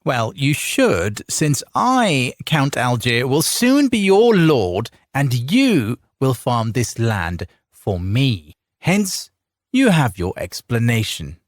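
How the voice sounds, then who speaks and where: A man reading an audiobook, voicing a lazy, arrogant young nobleman who speaks slowly and condescendingly. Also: mid-range voice, wildly swooping pitch, dry recording, studio quality, pitched above the performer's own voice. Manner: drawling, languid, condescending. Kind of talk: audiobook character voice.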